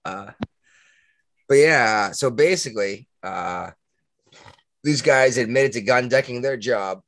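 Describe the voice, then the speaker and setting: A man with a Massachusetts accent co-hosting a podcast in casual chat, talking in an animated way that jumps high when he gets worked up. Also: slow, no room sound, clean studio sound. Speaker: podcast co-host.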